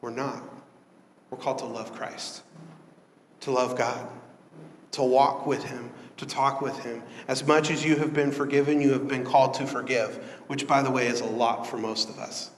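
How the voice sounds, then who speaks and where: A man's voice: mid-range voice, fairly even intonation, normal speed, slight background noise. A man preaching a sermon as pastor, in an earnest, conversational style that builds in emphasis. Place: church sanctuary. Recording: echoey church hall.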